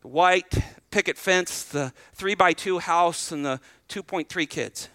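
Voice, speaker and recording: Pastor, male, bright high voice, dry close sound, preaches in a conversational way, asks questions, repeats words. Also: unhurried, no echo. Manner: repeats words when starting sentences. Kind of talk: sermon.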